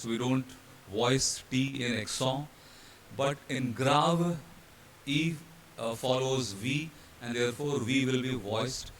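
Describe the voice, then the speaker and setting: Indian male instructor, mid-pitched, patient slide-by-slide explainer, faint hiss behind. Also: a bit bright. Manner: explanatory, with fillers and restarts, spelling out letters. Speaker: hotel training instructor. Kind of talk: slide-based pronunciation lesson.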